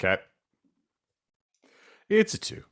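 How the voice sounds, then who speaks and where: A man playing a tabletop game, narrating his character's actions in a deliberate, dramatic way. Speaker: player.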